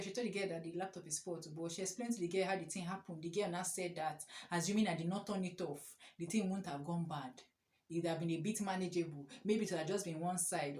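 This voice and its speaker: A young woman telling an animated, exclamatory storytime story. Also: fairly low pitch. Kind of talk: casual storytime. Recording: echoey room.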